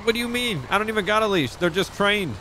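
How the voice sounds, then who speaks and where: A man's voice: high-pitched, animated, fast, bright, forceful tone, a little hiss or hum. A man chatting in character in a roleplay game, brash and profane but easygoing. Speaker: roleplay streamer playing a rich animal owner.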